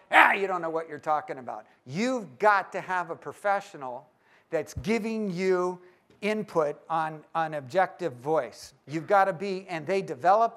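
A man with a notably high voice gives a live talk to a room of church leaders. He is lively and playful and keeps teasing his listeners as he goes. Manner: lively and joking, teases the audience. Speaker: speaker at a church leaders' conference.

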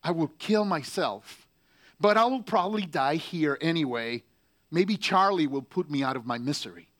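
A man reading aloud the letters of a Marine stationed overseas, slow and heavy with pauses. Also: a little high, lively intonation, a bit bright. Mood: bitter, furious. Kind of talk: letter read aloud in character.

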